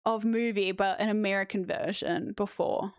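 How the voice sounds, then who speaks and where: A woman's voice: medium pitch, little pitch movement, moderate pace, very noisy. An Australian woman streaming and chatting casually, reacting aloud while reading messages from her chat.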